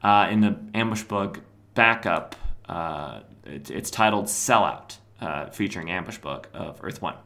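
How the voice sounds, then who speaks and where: A man's voice: low voice, measured pace, vocal fry, pushed and bright. A man hosting a podcast, casually recapping an old comic with rambling asides. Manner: rambling, many fillers, chuckles at own asides. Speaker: podcast host.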